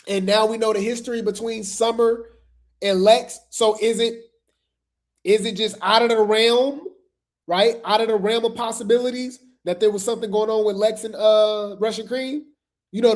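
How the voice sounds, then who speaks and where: Casual gossip host, mid-range voice, talks straight to camera with lots of asides. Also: mid-range voice. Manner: chatty, repeats phrases, gossipy asides to viewers. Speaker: commentary host. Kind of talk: casual drama commentary.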